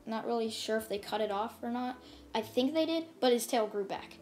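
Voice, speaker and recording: A woman's voice: on the high side, fairly quick, darkish tone. Rambling woman retelling a fan story. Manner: rambling, full of "like" and "and stuff". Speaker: channel host. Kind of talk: casual fan-story narration. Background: faint music.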